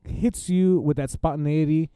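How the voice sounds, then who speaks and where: Middle-aged podcast guy, super dark mellow voice, dry close mic, talks things through slow and deliberate. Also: on the high side, steady tone, clear, resonant tone, dry recording. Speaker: podcast co-host. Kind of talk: casual chat.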